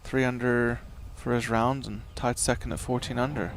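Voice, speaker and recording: A man giving live golf commentary in a relaxed, chatty way, with tips and play calls. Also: medium pitch, normal speed, background noise.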